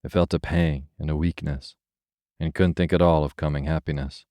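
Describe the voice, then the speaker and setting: A man reading a bedtime fairy tale aloud in a slow, soothing, even narration. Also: rumbling low, no room sound, clean studio sound. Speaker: storyteller. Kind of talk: scripted bedtime story narration.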